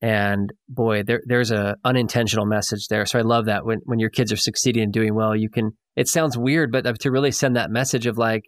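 A man's voice: on the low side, steady tone, fairly quick, hardly any pauses, dry recording. Affirming man hosting, dry close sound. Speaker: podcast host. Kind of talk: casual interview conversation.

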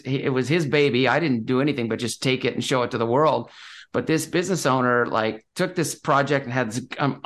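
Guy rambling excitedly about his investments in an interview, keeps restarting his sentences. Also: on the high side. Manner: rambling, enthusiastic, many fillers and restarts. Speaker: real estate investor guest. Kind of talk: casual interview talk.

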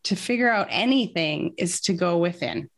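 A woman's voice: lowish voice, expressive, moderate pace. A woman talking as a guest in a casual interview, telling a personal story in an earnest, reflective way.

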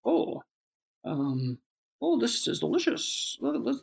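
A man voicing a cheerful, polite little pet goldfish in a small, high, wondering voice, as a dad playing with his kids. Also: wildly swooping pitch, takes it slowly, vocal fry, slightly rough, heavily acted. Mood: delighted.

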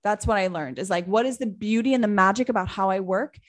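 Reflective woman in her thirties. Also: medium pitch. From Trinidad. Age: 30s. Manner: thoughtful, pausing, searching for words. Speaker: guest, business owner. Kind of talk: reflective interview answer.

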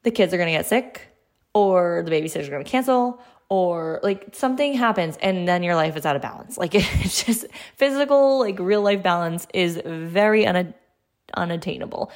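A woman in her thirties talks through her podcast in a relaxed, chatty way, her voice sitting a little lower than most. She keeps it conversational, with loose phrasing and light laughs mixed in. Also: normal speed. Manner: laughs lightly while talking. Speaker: podcast host. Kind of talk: casual solo podcast talk.

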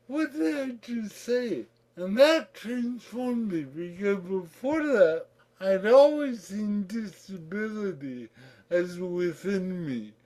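A middle-aged man telling his own story in slow, effortful speech shaped by cerebral palsy, candid and reflective. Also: sits high, darkish tone. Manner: candid, reflective, breaks into laughter. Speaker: podcast guest. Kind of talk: personal storytelling.

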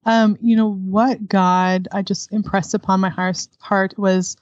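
A woman's voice: medium pitch, little pitch movement, unhurried, dry recording. Candid mother, dry dull audio. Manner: candid, laughs often, warm storytelling. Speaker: guest, adoptive homeschooling mother. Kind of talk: conversational interview.

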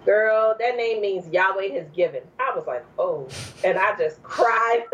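Expressive woman telling a story. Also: unhurried, recorded from a distance. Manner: expressive, jumps to high exclaims when quoting herself. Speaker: guest. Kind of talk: personal storytelling in conversation. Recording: dull lo-fi recording.

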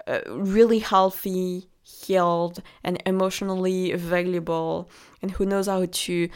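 Woman, French accent, podcast coach, unhurried delivery, encouraging tone, mid-pitched voice. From France. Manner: slow, encouraging, speaks directly to the listener. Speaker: podcast host and relationship coach. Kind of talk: motivational podcast monologue.

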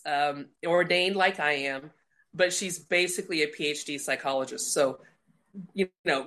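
A middle-aged woman from Colorado, a guest telling a personal faith story and acting out the voices in it. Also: low voice. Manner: lively storyteller acting out quotes.

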